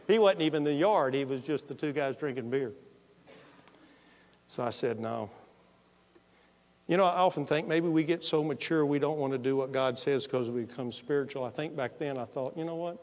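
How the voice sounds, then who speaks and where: A man preaching a sermon as a pastor, telling a personal story in an animated way and acting out what he and others said. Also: fairly high pitch, normal speed. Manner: storytelling, animated, quoting himself. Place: church sanctuary. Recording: long reverb of a church hall.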